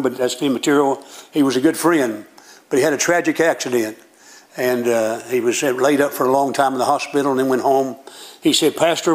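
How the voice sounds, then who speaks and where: An older man, preaching a sermon as pastor and telling stories in a plain, folksy way. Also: medium pitch. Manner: folksy storytelling with plain country grammar.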